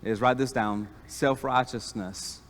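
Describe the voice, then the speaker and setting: A man preaching an animated sermon as pastor, calling on the congregation to respond. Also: medium pitch, unhurried, vocal fry. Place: church sanctuary. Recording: long church reverb.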